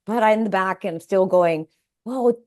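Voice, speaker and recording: A woman's voice: medium pitch, fairly even intonation, moderate pace, a little mellow. A woman being interviewed on a podcast, telling a personal story with many restarts and acted-out quoted voices. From Canada. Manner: frequent restarts and hesitant fillers. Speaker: podcast guest. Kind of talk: casual interview chat.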